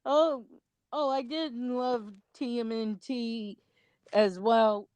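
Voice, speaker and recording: Slow-talking young woman, smooth voice. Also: a little high, fairly even intonation, darkish tone, no echo. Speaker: co-host of a commentary video. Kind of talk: casual commentary chat.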